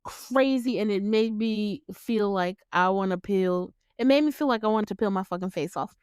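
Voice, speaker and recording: A woman chatting through a movie recap in a smooth, clear voice. She is casual and quick to laugh, and she swears freely. The sound is dry and close, with no room around it. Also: mid-range voice, darkish tone, no room sound. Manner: chatty, laughs often, acts out the characters' lines. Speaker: podcast host recapping a movie. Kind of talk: casual chat.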